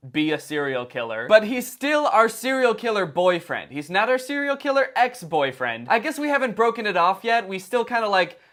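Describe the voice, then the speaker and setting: A man's voice: sits high, big pitch swings, moderate pace, hardly any pauses, fairly bright tone. A young man giving sarcastic, rambling comedic commentary on videos. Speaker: commentary youtuber.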